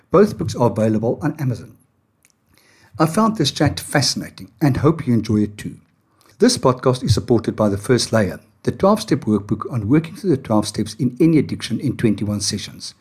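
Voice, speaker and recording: A man's voice: mid-range voice, breathy edge. A South African man from Johannesburg, an Afrikaans speaker, hosting a podcast and chatting with a guest in a self-deprecating, storytelling way. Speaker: podcast host. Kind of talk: podcast interview.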